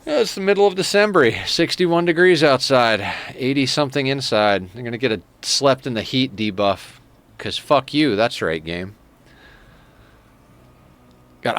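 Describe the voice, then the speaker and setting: A male streamer of middling pitch chats his way through a game, rambling between tangents and cursing freely. He chuckles often and talks into a desk mic at home in an easy, loose manner. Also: a bit bright, smooth, no echo. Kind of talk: casual live-stream game commentary.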